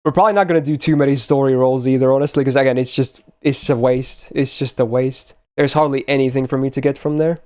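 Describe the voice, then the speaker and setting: A man's voice: mid-range voice, steady tone, fast, hardly any pauses, darkish tone. A young man chatting casually on a live stream, blunt and swearing often as he talks to his chat.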